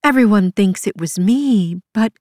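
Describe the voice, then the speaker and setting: A woman's voice: medium pitch, lively intonation, unhurried, a little mellow, no echo, clean studio sound, voice pushed up, lightly acted. A woman voicing an anguished, guilt-stricken young woman in an audiobook, pleading through sobs and slipping into whispers. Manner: sobbing, pleading, breaks into whispers. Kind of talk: audiobook character voice.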